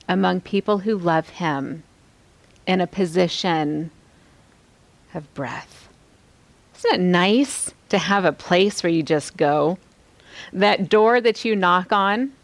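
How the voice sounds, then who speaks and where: A woman giving a devotional Bible teaching, asking her listeners reflective questions and dropping to soft, quiet tones on key lines. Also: lowish voice, no room sound.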